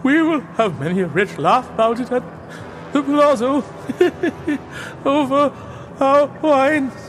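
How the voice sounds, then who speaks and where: A man voicing a frantic chained nobleman, with a shrill, quavering voice that keeps breaking into nervous laughter. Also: expressive, normal speed, in a large hall. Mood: hysterical laughing.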